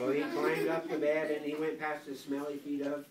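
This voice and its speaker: An older grandfather reading a picture book aloud to a school class in a playful, animated way, stopping often to quiz the children. He is recorded from across an echoey classroom full of kids. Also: on the high side, normal speed, far from the mic, crowd noise. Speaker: guest reader, grandfather.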